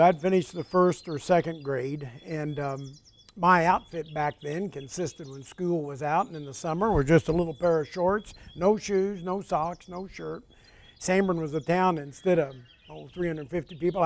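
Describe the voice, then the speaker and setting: A man in his sixties from Indiana, hosting a show and telling folksy stories from his childhood, chuckling often. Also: sits high. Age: 60s. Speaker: host. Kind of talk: storytelling in casual conversation.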